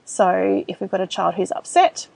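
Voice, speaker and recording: Lady doing a parenting podcast, bit gravelly and breathy, earnest, dry sound. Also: mid-range voice, lively intonation, normal speed, darkish tone, no room sound. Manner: earnest, acts out soothing parent lines. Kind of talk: explanatory podcast talk.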